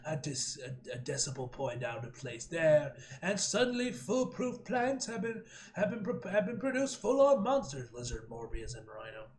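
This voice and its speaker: A man voicing an imperious older woman scientist who makes cold, drawn-out threats and stumbles while reading. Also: a little high, animated, a little mellow, pitched below the performer's own voice, close to an everyday voice. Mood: menacing. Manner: haughty, drawn-out threats with halting reading slips.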